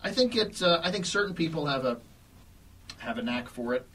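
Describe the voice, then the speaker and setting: Halting, chuckling male comedian guest. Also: on the high side, lively intonation, fairly bright tone, far from the mic, a little hiss or hum. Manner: halting, many restarts and fillers, laughs often. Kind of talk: casual interview chat.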